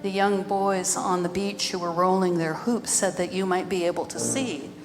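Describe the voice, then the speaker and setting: A woman's voice: on the low side, steady tone, moderate pace, close to an everyday voice. A woman voicing an earnest young man who is searching for his lost wife and keeps asking questions, told live with music underneath. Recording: live with long reverb and background music.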